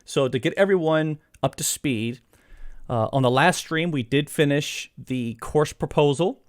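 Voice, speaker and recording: A man's voice: a little high, measured pace. Chatty man hosting a casual live stream. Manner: chatty, laughs often, self-deprecating. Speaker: live streamer and course author. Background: faint background music.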